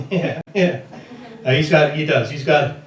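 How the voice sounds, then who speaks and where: A man's voice: a little high, unhurried, far from the mic. A man acting as emcee at a small theater, introducing acts in an upbeat, loose way. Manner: upbeat, loose, hypes up the crowd. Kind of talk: introducing acts at an open mic. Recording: echoey theater, mic from afar.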